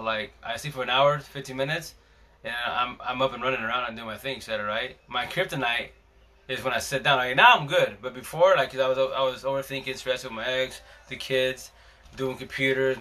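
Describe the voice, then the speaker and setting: A man's voice: medium pitch, sharp tone. A man hosting a live stream, casually telling a long story in a rambling, slangy way with many restarts.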